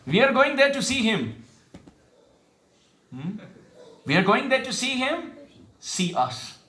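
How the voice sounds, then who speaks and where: Man, high bright voice, devotional sermon, quizzes the crowd, chants verses, echoey room. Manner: questions the audience, chants verses slowly. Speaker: spiritual teacher. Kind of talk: devotional sermon with call and response.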